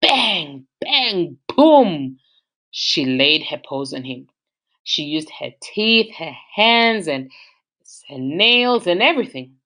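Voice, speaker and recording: An Australian woman telling a relationship story in a casual, conversational way. She keeps it animated, pushing her pitch up sharply for emphasis. Her natural voice sits a little low. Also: takes it slowly.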